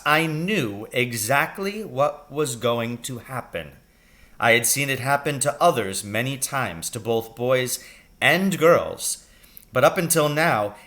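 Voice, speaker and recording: A man, a teacher, reading a storybook aloud in a slow, expressive way. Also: medium pitch.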